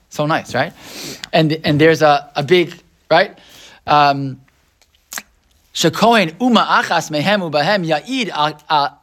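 A man teaching a Torah class in a casual, rambling way, with many restarts and tag questions. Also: a little high.

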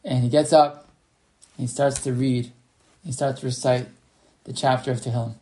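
A man leads an online Torah lesson through his computer mic, explaining sources in a loose, storytelling way full of fillers and restarts. His voice is mellow and dark, with a middling pitch. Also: steady tone, normal speed. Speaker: Torah teacher. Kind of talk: online class lecture.

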